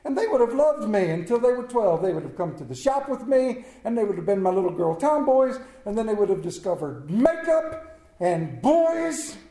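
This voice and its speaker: A man's voice: sits high, big pitch swings, moderate pace, warm tone, roomy sound. A middle-aged man preaching a humorous sermon to a congregation, telling family stories with jokes and asides. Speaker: pastor. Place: church sanctuary.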